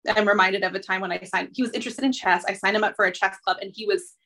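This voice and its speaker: In a fast, bright, forceful mid-range voice with a steady tone, a woman in her thirties talks on her podcast. A therapist, she reflects thoughtfully in casual conversation, using plenty of fillers.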